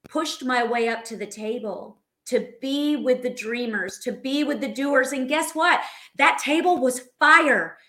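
A woman co-hosting a live show, giving an animated motivational talk and calling her listeners friends. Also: high-pitched, reverberant. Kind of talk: motivational live-stream chat.

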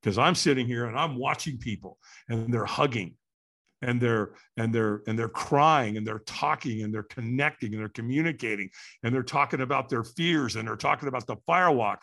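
A man telling a story as a podcast guest, animated and acting out quotes with sudden shouts. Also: medium pitch, moderate pace, creaky.

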